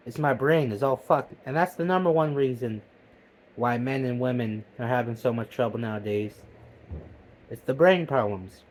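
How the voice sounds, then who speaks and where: A man delivering a profane, heated comedic rant that swings between loud outbursts and low mutters. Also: expressive, unhurried, pauses often. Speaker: vlogger. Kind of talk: comedic ranting monologue.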